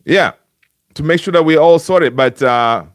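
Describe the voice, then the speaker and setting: Speaking at a fairly high pitch and a little slowly, this man hosts a casual fan live stream from his home, greeting viewers by name amid plenty of fillers and restarts. He uses a home streaming setup with a webcam, yet the recording is dry and studio-clean.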